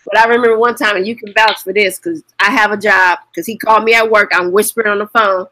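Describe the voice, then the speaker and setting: A woman co-hosting a casual chat, telling lively stories and cursing freely. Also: medium pitch, fast, no echo. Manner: lively storyteller, curses freely. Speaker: co-host.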